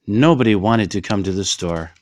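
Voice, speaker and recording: A man reading a children's picture book aloud in slow, clearly paced storytelling. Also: fairly low pitch, dry recording. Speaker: reader.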